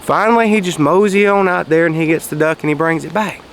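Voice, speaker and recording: A man telling a folksy story outdoors in a casual monologue, raising his voice for quoted shouts. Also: fairly high pitch, quick pace, slight background noise. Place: outdoors, quiet spot near traffic.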